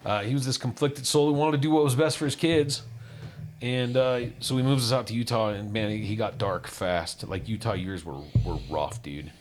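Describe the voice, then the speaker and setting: A man telling his own life story candidly, acting out what others said and dropping low and quiet on the painful parts. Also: fairly quick, a little hiss or hum. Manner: candid, acts out quoted voices, drops low on painful parts. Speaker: guest. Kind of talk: personal storytelling.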